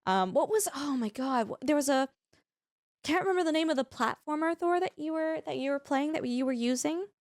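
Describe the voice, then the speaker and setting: Female streamer, effusive rambling commentary, slightly high pitch. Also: lively intonation, fairly quick, dry recording. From Canada. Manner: chatty, rambling, lots of filler "like"; gushing, effusive toward viewers. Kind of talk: live gameplay commentary.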